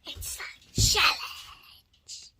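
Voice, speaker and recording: A woman's voice: lively intonation, noisy background. A woman putting on a silly voice with an odd accent, playing a goofy snack-challenge vlogger. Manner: goofy, drawn-out, shrill.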